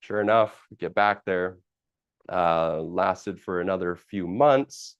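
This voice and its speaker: A man's voice: low-pitched, takes it slowly, clear, resonant tone, no echo, dull audio. A man hosting a live stream, telling a personal story casually, rambling with fillers, restarts and the odd swear word.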